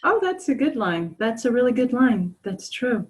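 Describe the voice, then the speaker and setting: A woman in casual chat, easygoing and quick to laugh along. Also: on the high side, very animated.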